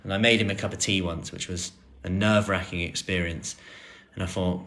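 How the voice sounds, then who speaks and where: A man in his thirties, a personal trainer chatting through viewer questions on a live stream, relaxed with plenty of fillers and restarts. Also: low voice, fairly quick.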